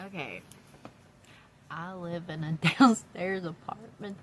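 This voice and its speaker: Woman vlogger, slow unhurried talk, blunt and foul-mouthed, frequent laughs, faint background hum. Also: on the low side, a bit bright. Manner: blunt and profane, laughing often. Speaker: YouTube vlogger. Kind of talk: casual chat vlog. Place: downstairs apartment.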